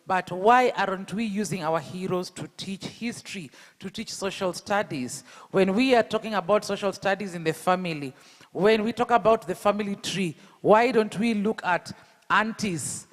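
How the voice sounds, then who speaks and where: High-voiced Kenyan man with Luo accent. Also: normal speed, long reverb tail. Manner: emphatic, full of rhetorical questions to the audience. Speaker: speaker at an education event. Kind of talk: public talk.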